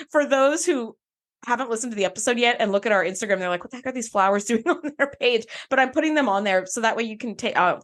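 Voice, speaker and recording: A woman co-hosting a podcast, talking casually and eagerly and laughing often. Her pitch moves a great deal, rising and falling as she talks. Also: fairly bright tone. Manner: chatty and enthusiastic, laughs often. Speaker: podcast co-host. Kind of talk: casual chat.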